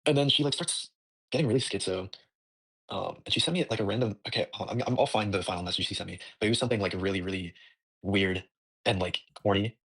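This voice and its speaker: A man's voice: on the low side, quick pace, fairly bright tone, breathy edge. A young man casually retelling a dispute in a rambling way, full of "like" and nervous laughs. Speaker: voice recording clip.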